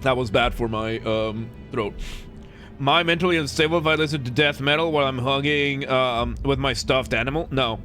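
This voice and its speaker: A man's voice: mid-range voice, normal speed, bright, forceful tone, faint music behind. A man streaming a game, chatting casually and joking with chat in a rambling, self-correcting way. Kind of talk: casual live-stream commentary.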